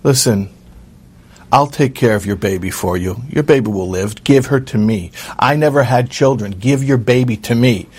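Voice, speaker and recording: A man's voice: mid-range voice, normal speed, a little mellow, husky, lightly acted. A man voicing an old, childless farmer's wife who soothes and insists in turn. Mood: soothing. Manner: soothing, then urgent and insistent.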